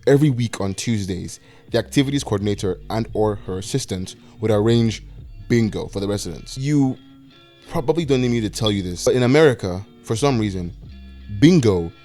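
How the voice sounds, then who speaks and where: A man's voice: fairly low pitch, lively intonation, fairly quick, mellow, faint music behind. A 21-year-old man narrating a scripted video essay with wry, self-deprecating, anxious rambling.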